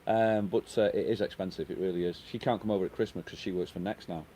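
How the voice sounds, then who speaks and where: A man's voice: low-pitched, steady tone, fast, mellow, a little hiss or hum. A middle-aged man hosting a live stream outdoors on his terrace, chatting casually and reading out viewer comments, with the microphone set down on a table. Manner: chatty, reads out viewer comments and answers them.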